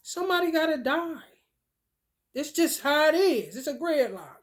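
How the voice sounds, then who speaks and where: A woman with a fairly high voice delivers an animated, preachy rant straight to her viewers. She swears freely and talks to them as "y'all" and "honey", sliding between loud outbursts and quieter, lower asides. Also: moderate pace. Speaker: vlogger. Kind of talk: casual monologue to camera.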